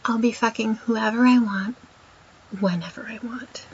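Breathy woman, slow teasing whispered role-play. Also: fairly high pitch. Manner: domineering and teasing, slow and deliberate. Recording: dull lo-fi recording.

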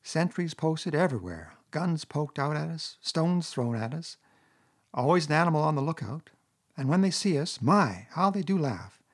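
A man's voice: a little high, animated, moderate pace, husky, pitched above the performer's own voice. A man voicing a homely, blunt male mole who grumbles and talks plainly. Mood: grumpy. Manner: bluff and grumbling.

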